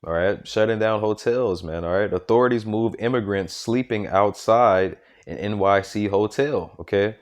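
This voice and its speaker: A man's voice: on the low side, moderate pace, hardly any pauses. A man preaching informally and reading scripture, emphatic and repetitive, tagging lines with "man" and "okay?". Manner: repetitive, restarts sentences often.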